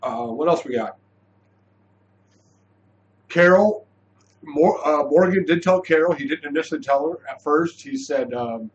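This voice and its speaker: A man giving a casual, animated spoken review of a TV episode, chatty, with frequent restarts. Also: fairly high pitch, measured pace, long pauses, dull audio.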